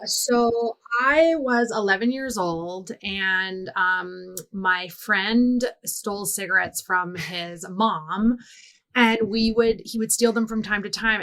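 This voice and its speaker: A woman from Canada telling a funny childhood story in casual chat, lively and quick to act out other people's lines. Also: medium pitch, rough recording. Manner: animated, jumps into quoted voices. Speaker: guest storyteller.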